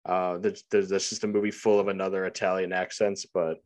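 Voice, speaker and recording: Relaxed low-voiced podcast man. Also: brisk. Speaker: podcast co-host. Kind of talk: casual chat.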